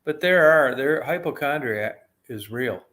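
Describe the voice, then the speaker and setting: A man's voice: medium pitch, lively intonation, unhurried, fairly bright tone. A man in casual chat, earnest, cutting in with corrections and agreement.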